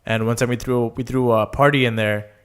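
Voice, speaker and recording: On a podcast, a young male co-host casually tells meandering stories full of fillers and imitated voices. He speaks fairly quickly at medium pitch, his tone steady, clear and resonant.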